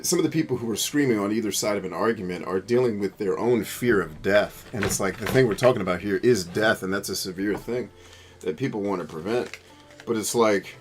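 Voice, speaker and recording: A man giving rambling, philosophical commentary while playing a video game, swearing freely as he rants. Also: lowish voice. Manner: profane, ranting, philosophical. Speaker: gameplay commentator. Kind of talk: rambling commentary over gameplay.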